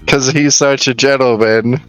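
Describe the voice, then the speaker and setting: Player, male, slow, smooth, teasing. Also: mid-range voice, poor audio. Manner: joking, teasing asides. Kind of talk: casual tabletop play.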